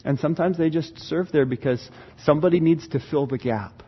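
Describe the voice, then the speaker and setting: A man preaching a sermon as pastor, animated, acting out church members' voices. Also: on the high side, a little fast, breathy edge, dull audio.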